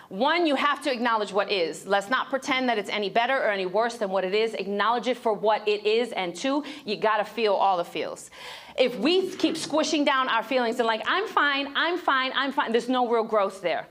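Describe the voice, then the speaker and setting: Animated woman giving a motivational speech. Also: fairly high pitch, a little fast. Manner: animated storyteller, acts out quoted voices. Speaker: motivational speaker. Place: event hall at a breakfast. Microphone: handheld mic.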